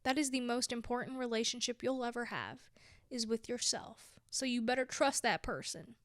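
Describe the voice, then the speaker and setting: A woman in her twenties giving heartfelt, emphatic life advice as a vlogger, dropping now and then into soft whispered asides. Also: a little high, moderate pace, no room sound, studio quality. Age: 20s. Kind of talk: heartfelt motivational talk.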